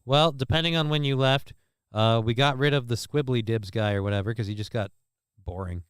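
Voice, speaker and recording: A man's voice: medium pitch, a little fast, fairly bright tone, clear, resonant tone, no room sound, clean studio sound. A man giving casual, rambling, sarcastic commentary as he reacts to a video.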